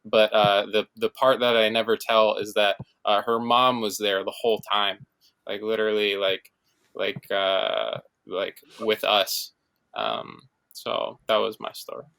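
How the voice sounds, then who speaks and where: A young man tells a loose, meandering story on a casual chat show, leaning on filler words. His voice sits a bit low yet comes across bright and smooth. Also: unhurried. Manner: rambling, heavy use of "like". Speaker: podcast co-host.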